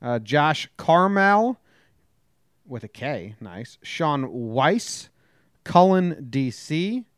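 A man's voice: on the high side, sing-song, extremely slow, dry recording, clean studio sound. A man hosting a casual sports podcast, talking bluntly and grumpily, with some swearing. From New Jersey. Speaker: podcast host.

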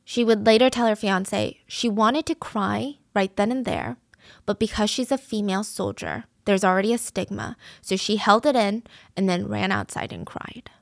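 A woman's voice: medium pitch, lively intonation, moderate pace, gravelly, dry recording, clean studio sound. A woman narrating a true crime case in a casual, conversational way, earnest and openly moved.

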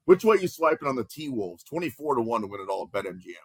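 A man hosting a sports betting show, playful and energetic, reading out odds and plugging the network. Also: medium pitch, fairly quick, breathy edge, no room sound.

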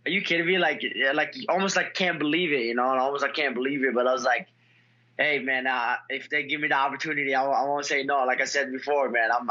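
A man's voice: mid-range voice, highs cut off. A young man, a fighter and guest, telling stories in a casual interview with lots of fillers and restarts. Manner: excitable storyteller, many fillers and restarts.

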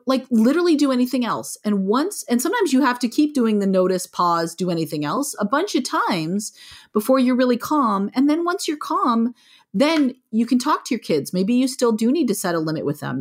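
A middle-aged woman, a parenting author, talking frankly and with animation in an interview. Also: medium pitch. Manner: frank, animated, plainspoken with mild swearing. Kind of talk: conversational interview.

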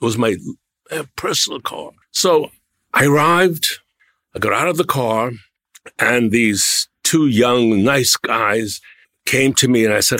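An older man, a guest on a talk show, telling long, animated anecdotes about his own past. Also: mid-range voice, slow, no room sound, studio quality. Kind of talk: anecdotal storytelling.

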